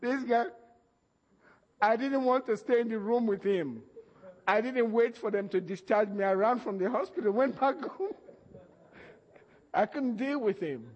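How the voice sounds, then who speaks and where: A man, a pastor, preaching a sermon with animated storytelling, laughing often and acting out the voices in his stories. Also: extremely high pitch, unhurried, long pauses, big-room sound, muffled recording.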